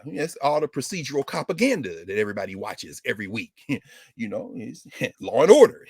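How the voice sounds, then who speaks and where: Lively, husky-voiced man lecturing. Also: medium pitch, brisk, no echo, studio quality. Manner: animated, sardonic, slips into mock voices. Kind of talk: civics lecture with comic asides.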